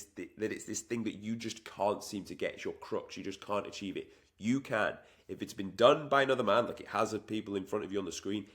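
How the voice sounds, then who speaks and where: A fitness coach talks straight to his listener in a fairly low voice. He is emphatic and repetitive, and he slips into the doubting inner voices he describes. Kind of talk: motivational talk to camera.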